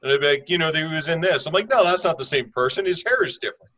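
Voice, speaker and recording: A man in a casual group chat, telling stories in a dry, low-key way. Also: lively intonation, fast, bright, forceful tone. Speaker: improv comedy cast member.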